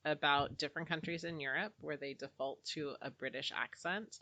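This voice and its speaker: A woman's voice: low-pitched, fairly even intonation, normal speed, bright, forceful tone, dry recording, poor audio. A woman co-hosting a book club, chatting casually with frequent laughs and rambling asides.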